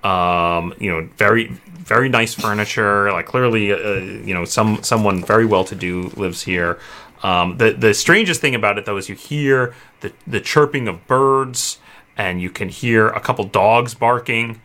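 Male game master, bright tone, loose rambling narration full of ums. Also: fairly low pitch, normal speed. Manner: relaxed, rambling with many fillers.

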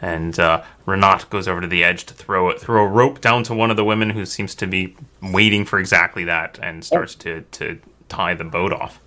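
A man's voice: sits low, normal speed, bright, forceful tone. A man narrating as game master of a tabletop game, often stumbling and repeating words.

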